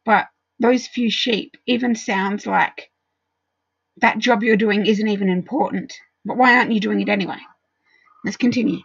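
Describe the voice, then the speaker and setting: Woman doing a chatty bible study, higher voice with a gravelly husky edge, dull dry lo-fi stream sound. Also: moderate pace, no room sound. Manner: explains verses conversationally with frequent ums. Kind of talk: casual Bible teaching.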